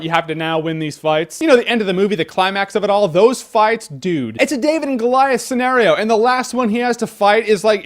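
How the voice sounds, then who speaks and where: A young man reviews a movie in an excitable, joking way, tossing off quick asides. His voice sits high, and he talks at a rapid clip. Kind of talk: energetic video review.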